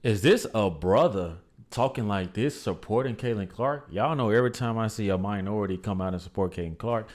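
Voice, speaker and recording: A man with a fairly low voice hosts a reaction show. He talks emphatically and opinionatedly, and keeps calling his viewers "guys." He speaks. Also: darkish tone. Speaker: commentary channel host. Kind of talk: reaction commentary.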